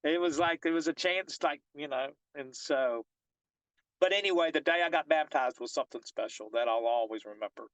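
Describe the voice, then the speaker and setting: A man's voice: a little high, normal speed, a bit bright, dry recording, low-quality recording. Rambling fishing guide, man's voice. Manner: rambling, many restarts and fillers. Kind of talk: casual storytelling interview.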